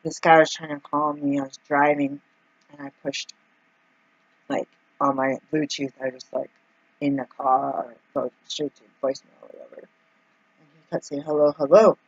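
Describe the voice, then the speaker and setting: A woman's voice: a bass voice, little pitch movement, moderate pace, husky, dry recording, lo-fi sound. A woman telling a casual, rambling story full of filler words and acting out the lines of the people in it. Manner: acts out quoted dialogue. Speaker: vlogger.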